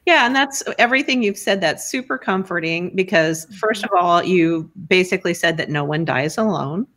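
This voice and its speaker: A woman's voice: lowish voice, animated, normal speed, a bit bright. A woman hosting an interview who answers her guest in an engaged way and sums up what he has said. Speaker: host.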